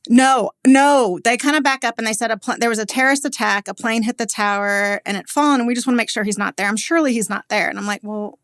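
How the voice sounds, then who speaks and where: A woman's voice: a little high, a bit bright, no room sound, studio quality. A woman in her forties from Texas, a business owner telling a personal story as a podcast guest, candid and chatty with frequent "like" fillers. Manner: candid and conversational, many "like" fillers, quick laughs.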